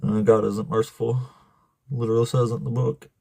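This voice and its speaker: A man with a Southern Alabama drawl hosts a live stream in a loose, blunt way, cussing without a second thought and laughing between remarks. His voice is medium in pitch and recorded close and dry, with no room sound. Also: level tone, fairly quick, creaky, a little mellow, dry recording. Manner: blunt, swears freely, laughs often. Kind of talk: casual live-stream chat.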